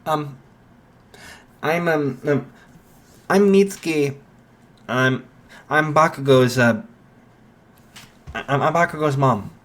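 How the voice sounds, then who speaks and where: A warm mother figure who fusses and apologizes, voiced by a man in a read-aloud fan story. She stumbles over her words and trails into fillers. The delivery is slow and unhurried. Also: on the high side. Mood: flustered. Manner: apologetic, fussing, halting. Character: warm motherly woman, friend's mom.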